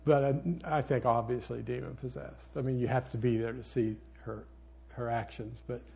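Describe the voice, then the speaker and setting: An older man preaching a sermon as a pastor, folksy and rambling, with sudden loud outbursts in his storytelling. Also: medium pitch, fairly even intonation, moderate pace, vocal fry, breathy edge.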